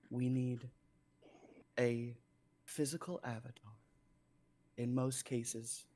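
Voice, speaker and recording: Brief: a slow, solemn ancient female nature spirit, played by a man, soft whispered edges. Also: medium pitch. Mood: pondering.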